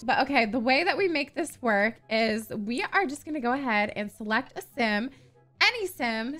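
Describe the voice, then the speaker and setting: A woman's voice: on the high side, a bit bright. A young woman giving casual commentary on her game, swearing freely and shrieking and gasping when something happens. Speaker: gaming YouTuber.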